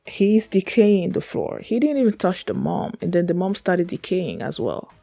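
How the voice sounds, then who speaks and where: A woman's voice: fairly low pitch, animated, normal speed, creaky, dark tone, dry recording, soft background music. A woman hosting a reaction video, telling a personal story in an earnest, emotional, rambling way with many fillers. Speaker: reaction channel host.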